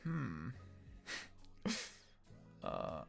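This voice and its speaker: A man's voice: very deep voice, wildly swooping pitch, drawn-out words, creaky, faint music behind. A young man chatting casually on a livestream, answering viewer comments in a rambling way, with lots of fillers, restarts and casual swearing. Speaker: livestream host.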